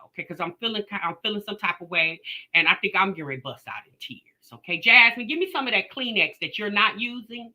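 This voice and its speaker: A woman hosts a reaction live stream with a sassy, animated delivery. Her voice has a very bright, forceful edge, and her pitch swings widely as she talks straight to her chat. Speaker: live-stream commentary host.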